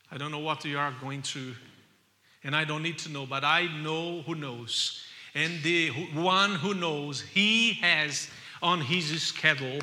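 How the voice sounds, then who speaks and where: A man preaching a sermon with passion, repeating key phrases and building to loud cries. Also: on the high side. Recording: long hall reverb.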